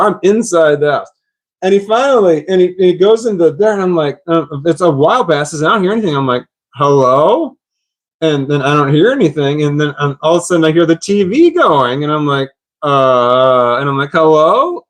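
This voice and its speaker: A man telling a story in casual talk, rambling, repeating himself and swearing. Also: on the high side. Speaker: vlogger.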